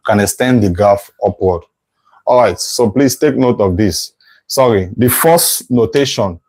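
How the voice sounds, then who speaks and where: A man's voice: medium pitch, a little mellow, rough recording. A male math tutor teaching a live online lesson, thinking aloud as he sketches a curve, correcting himself and checking in with "right?".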